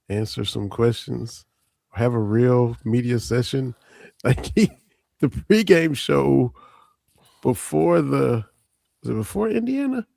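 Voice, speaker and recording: A man's voice: mid-range voice, gravelly, mellow, dry recording. A man co-hosting a casual sports talk show who tells anecdotes with a laugh. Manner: storytelling, laughing, acts out quotes. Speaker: podcast co-host.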